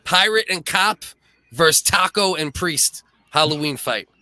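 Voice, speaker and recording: A man's voice: fairly high pitch, expressive, unhurried, sharp tone, no room sound. A man hosting a podcast, joking and teasing his co-host in crude, profane casual chat.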